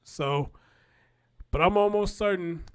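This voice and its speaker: A man's voice: high voice, takes it slowly, clean tone. A man, rambling in casual live-stream commentary and talking straight to his viewers. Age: 40s.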